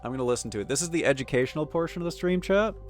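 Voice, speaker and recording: A man chats loosely on a live stream, joking with his chat and reading game text aloud. His voice sits a touch high for a man. Soft game music plays faintly underneath. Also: animated, rapid-fire. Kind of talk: casual live-stream chat while gaming.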